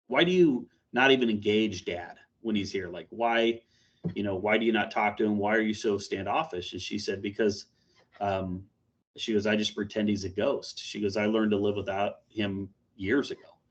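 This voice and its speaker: A man in his forties, a corrections officer, telling a candid personal story in a plainspoken, halting way in a support meeting over a video call. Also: lowish voice, a bit bright. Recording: dull lo-fi video call audio.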